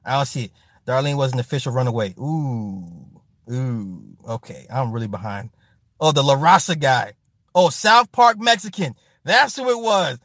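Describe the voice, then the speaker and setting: Animated, profane man hosting a livestream. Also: medium pitch, normal speed, dry recording, studio quality. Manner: profane, animated, laughs often, talks straight to the chat. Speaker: livestream host reading viewer comments. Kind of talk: casual livestream chat. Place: home streaming setup with ring light.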